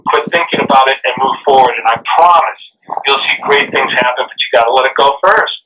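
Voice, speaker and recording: A man's voice: medium pitch, quick pace, recorded from a distance, a little hiss or hum, poor audio. A man, a guest author and speaker, telling stories in an interview and acting out the dialogue. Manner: animated, acts out quoted dialogue. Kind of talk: interview storytelling.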